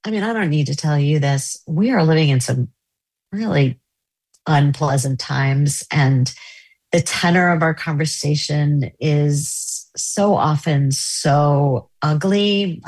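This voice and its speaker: A woman's voice: sits low, a little mellow, slightly rough, no room sound. A middle-aged woman novelist, chatting casually in an interview, telling stories animatedly with many fillers. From United States.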